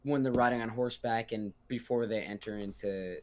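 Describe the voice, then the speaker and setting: A young man talking casually as a podcast guest, thoughtful and a little halting. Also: lowish voice, fairly even intonation. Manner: thoughtful, halting, restarts sentences. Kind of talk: casual chat.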